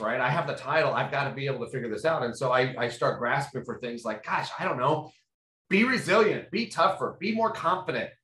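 A man's voice: mid-range voice, fairly bright tone. A man hosting a casual panel discussion, talking in a rambling, conversational way with lots of fillers. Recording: roomy echo.

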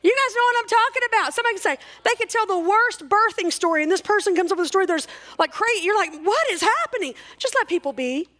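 A woman's voice: extremely high pitch, fast talker, few pauses, sharp tone. A woman in her forties giving a chatty, self-mocking talk to a church crowd, full of jokes. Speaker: church speaker. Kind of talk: humorous talk at a church service.

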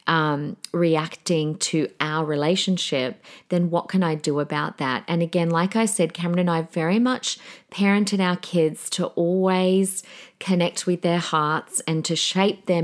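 Candid, chatty woman podcaster, low-pitched. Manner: chatty, candid, with fillers and laughs; acts out her own past thoughts in quoted asides. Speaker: podcast host. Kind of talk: casual solo podcast talk.

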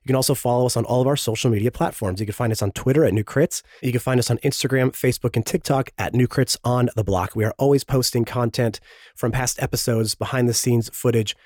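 A man's voice: medium pitch, fast talker, a little mellow, no room sound, clean studio sound. A man hosting a podcast and reading the show's promos, his throat sore and strained from illness, with self-pitying jokey asides. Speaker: podcast host. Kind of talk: sponsor-style promo read.

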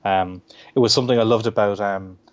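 A low-pitched Irish man chats about his writing in an interview, halting and restarting his sentences with plenty of fillers. The recording sounds dull and a little lo-fi. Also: fairly even intonation. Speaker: comic book writer. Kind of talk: casual interview chat.

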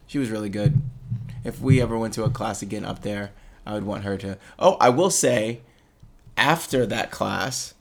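A man's voice: lowish voice, moderate pace, vocal fry. A man casually chatting as a podcast co-host, rambling and laughing often. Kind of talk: casual chat.

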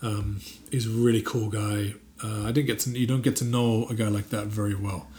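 A man's voice: lowish voice, flat delivery, moderate pace, darkish tone, slight background noise. A man being interviewed as an actor, chatting casually with many fillers and restarts and bursts of emphatic enthusiasm. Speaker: actor guest.

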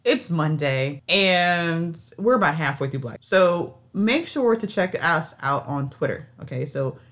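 Woman, very low voice, casual podcast chat, chatty, laughs a lot, loose fillers. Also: animated, unhurried, fairly bright tone. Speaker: podcast co-host.

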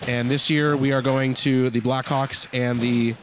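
A man's voice: mid-range voice, little pitch movement, a little slow, a little hiss or hum. Blunt, opinionated male podcast host. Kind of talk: casual podcast chat.

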